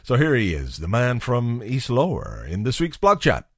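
A man's voice: mid-range voice, huge pitch swings, normal speed, a bit bright, breathy edge, no echo, studio quality. A man hosting a football podcast, chatty and upbeat, with frequent fillers. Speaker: podcast host.

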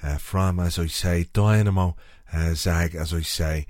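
A man impersonating a pompous middle-aged football manager, hosting a self-help segment in a slow, self-important way. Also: deep voice, steady tone, a little mellow, no echo, clean studio sound, voice pushed down. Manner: slow, repeats a stock phrase, self-important.

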